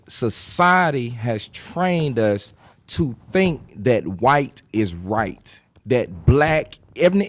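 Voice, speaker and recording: Emphatic man with a gravelly voice. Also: mid-range voice, no echo. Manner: emphatic, repeats himself for force. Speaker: panelist. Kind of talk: impassioned panel talk.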